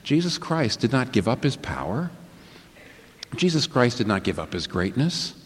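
A man delivers a sermon with a lively, swinging pitch, pressing home his points through rhetorical questions. His voice sits in a middle register. A long reverb trails each phrase, as in a large hall. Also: normal speed, husky. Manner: emphatic, rhetorical questions, answers them himself. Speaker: preacher. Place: large church hall with a live congregation.

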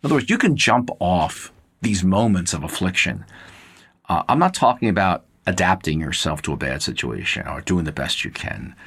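A man preaching a Bible teaching in an earnest, measured way, repeating words and pausing with filler uhs. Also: deep voice, very animated, fairly bright tone, husky. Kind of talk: sermon-style Bible teaching.

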